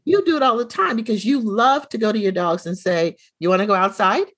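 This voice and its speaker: Middle-aged female co-host, chatty and animated, dry close-mic sound. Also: a little high, brisk, breathy edge, no room sound. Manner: animated storyteller, acts out quoted dialogue. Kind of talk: casual chat, storytelling.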